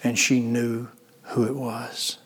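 A man preaching a sermon in an earnest way, slowing down for emphasis and swinging from soft to loud. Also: mid-range voice, little pitch movement, slightly rough. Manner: earnest, slows down for emphasis, rises and falls in loudness. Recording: long hall reverb.

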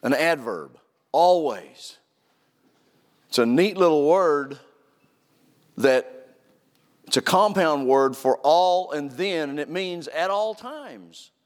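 A man preaching with a fairly high voice, leaning hard on key words and repeating them for weight. His voice rings out with a long, lingering reverb, as if carried through a large church sanctuary. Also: expressive, takes it slowly, long pauses. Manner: earnest, emphatic, repeats phrases for stress. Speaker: pastor. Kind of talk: sermon.

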